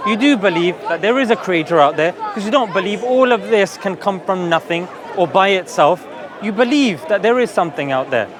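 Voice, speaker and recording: A man making an earnest, persuasive case in an open-air religious debate, checking in with his listener through tag questions. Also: sits high. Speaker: street preacher. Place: outdoor public park. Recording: outdoor crowd chatter.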